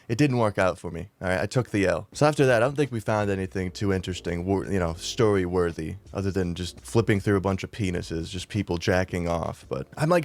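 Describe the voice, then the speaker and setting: A young man telling a rambling, animated storytime vlog, laughing at himself and swearing freely. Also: low-pitched. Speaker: YouTuber.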